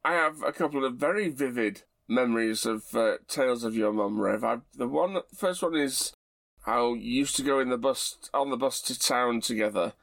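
A middle-aged man, chatting in a measured, gently wry way as a co-host. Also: mid-range voice, creaky, no room sound. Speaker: podcast co-host. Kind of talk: casual chat.

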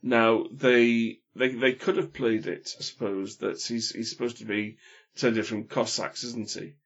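A man's voice: mid-range voice, fairly even intonation, unhurried, a bit bright, slightly rough. A man chatting casually about films, opinionated, often stopping and restarting his sentences. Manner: hesitant, many restarts, opinionated. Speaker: film podcast panelist. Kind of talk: casual chat. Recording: dull lo-fi sound.

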